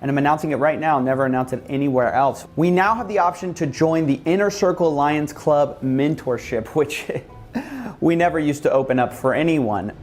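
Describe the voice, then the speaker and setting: A man's voice: a little high, normal speed, darkish tone. Man in a sarcastic mock-guru monologue. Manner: mock-humble, sarcastic, boastful guru act. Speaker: YouTuber. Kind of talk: comedic parody monologue.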